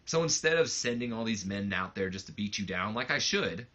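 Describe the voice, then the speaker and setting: A man's voice: lowish voice, animated, fairly quick, a bit bright, lo-fi sound. A man doing a sneering, cocky wrestling boss. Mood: taunting. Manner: sneering, boastful promo delivery. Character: brash cocky young male wrestling promoter taunting.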